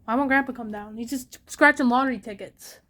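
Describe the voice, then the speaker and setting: Scared woman vlogging on her phone from the basement, high voice, keeps repeating herself. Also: a little fast, a bit bright. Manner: anxious, repeating questions. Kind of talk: live vlog during a storm. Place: home basement.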